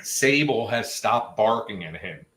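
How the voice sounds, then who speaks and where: A man talks casually to his viewers, spinning rambling stories with jokey asides. His voice is bright and he takes his time. The room around him has a noticeable echo. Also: fairly low pitch, animated, measured pace, slight background noise. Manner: chatty storyteller, jokey asides. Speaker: livestream host. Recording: roomy echo.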